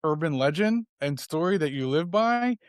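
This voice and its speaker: A middle-aged man co-hosting a casual podcast, telling a story with lively acted-out voices. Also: on the high side, normal speed, clear, resonant tone, dry recording, studio quality. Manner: animated storyteller, acts out his kids' voices. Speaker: podcast co-host.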